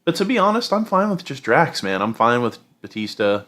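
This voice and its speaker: A man's voice: mid-range voice, sing-song, fairly quick, a bit bright. A man co-hosting a casual podcast chat, giving long rambling opinions full of fillers like "you know". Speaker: podcast co-host.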